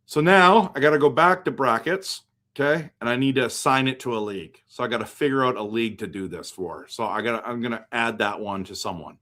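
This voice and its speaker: A man's voice: medium pitch, brisk, pushed and bright. A man from western Canada hosting a casual hockey live stream, thinking aloud as he picks and answers viewer comments. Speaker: hockey livestream host.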